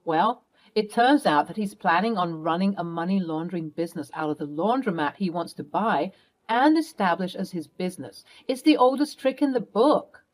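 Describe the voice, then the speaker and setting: A woman's voice: on the low side, lively intonation, normal speed, lightly acted. A woman voicing a furious middle-aged mother who confronts her cheating husband, stern and cutting. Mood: grave.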